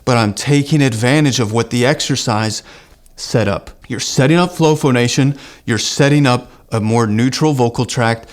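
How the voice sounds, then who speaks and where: A man in his thirties teaches singing online, in an earnest and encouraging tone with a light lilt. His speaking voice sits at an ordinary middle pitch. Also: moderate pace. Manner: earnest, encouraging, breaks into sung exercise demos. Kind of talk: online vocal lesson with sung demonstrations.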